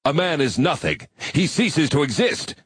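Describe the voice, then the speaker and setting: A slow, elderly machine priest intoning from his booth, higher than the storyteller's own deep tone, as a man puts him on. His voice is husky and dry, the words drawn out with timeless calm. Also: no room sound, heavily acted. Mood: forceful. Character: elderly male coin-operated machine priest.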